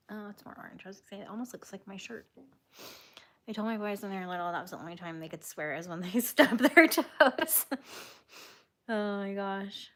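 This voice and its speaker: A woman hosting a crochet livestream has a bright, forceful mid-range voice. Reading live comments, she chats easily with viewers and laughs often while telling stories at her own expense.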